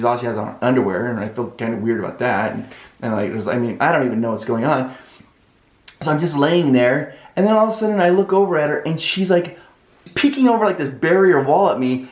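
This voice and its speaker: Animated man telling a story, roomy sound. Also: mid-range voice. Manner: animated, dramatic inner-voice retelling. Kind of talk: personal storytelling vlog.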